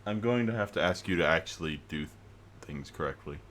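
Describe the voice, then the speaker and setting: A man's voice: low-pitched, expressive, brisk, a bit bright, a little hiss or hum. A man streaming from home, trading wry, teasing banter with a friend. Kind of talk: casual banter.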